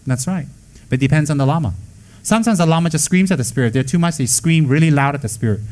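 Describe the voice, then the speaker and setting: A man's voice: on the high side, rapid-fire, darkish tone. A man teaching as a Buddhist lama in an informal talk, emphatic and blunt, mixing jokes with rhetorical questions.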